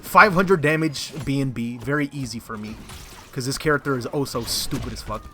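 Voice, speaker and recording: A man's voice: medium pitch, fairly quick, a bit bright. A young man giving profane, frustrated commentary over his own fighting game match footage. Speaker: gaming content creator.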